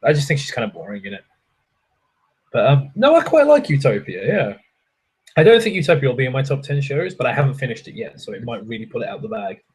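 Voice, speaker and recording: A man's voice: mid-range voice, very animated, quick pace, husky, rough recording. A young adult man, hosting a casual livestream from a hotel room and answering chat in a rambling way, swearing freely and poking fun at himself.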